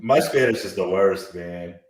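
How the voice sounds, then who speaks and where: A man's voice: deep voice, a little slow, distant mic. A man ranting in casual chat over drinks, profane and exasperated. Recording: echoey room.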